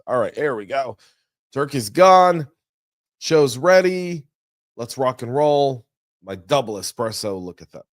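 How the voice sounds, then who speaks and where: A man hosting a news podcast, talking through the stories in a chatty, energetic way with folksy asides. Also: on the low side, no echo, clean studio sound. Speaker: podcast host. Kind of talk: casual news commentary. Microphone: studio mic.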